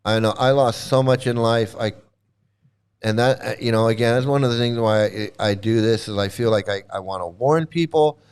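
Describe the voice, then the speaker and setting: A man's voice: medium pitch, moderate pace, clean tone. Blunt, profane man in his sixties. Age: 60s. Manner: blunt and profane, repeats phrases for emphasis. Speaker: vlogger, former cult member. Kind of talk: candid commentary monologue.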